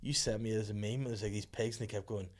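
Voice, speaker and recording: A man's voice: on the low side, steady tone, fast, darkish tone. A man with a Northern Irish accent, hosting a casual comedy podcast, laughing along and setting up bits with questions. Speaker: podcast host.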